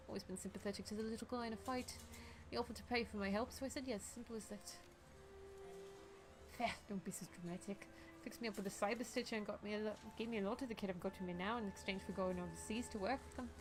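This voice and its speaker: A woman's voice: medium pitch, fairly even intonation, fast talker, lightly acted. A woman voicing a tough, brash female mercenary with a shotgun, putting on a swaggering, blunt accent. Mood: gruff storytelling.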